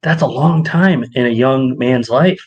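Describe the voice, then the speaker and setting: A young adult man co-hosting a podcast in casual chat, an animated storyteller who acts out quoted exchanges. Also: mid-range voice, measured pace, husky, lo-fi sound. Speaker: podcast co-host.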